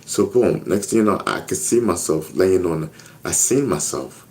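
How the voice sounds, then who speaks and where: A man's voice: deep voice, lively intonation, moderate pace, darkish tone. A man telling a personal story in a casual interview, earnest and repetitive, often checking in with "you know what I mean?". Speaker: interview guest.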